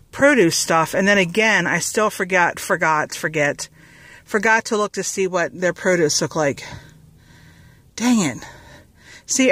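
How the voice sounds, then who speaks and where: A woman's voice: on the low side, fairly bright tone, no echo, poor audio. A woman rambling casually in a haul vlog, with lots of fillers and restarts, a bit out of breath, outdoors in a parking lot. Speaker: vlogger.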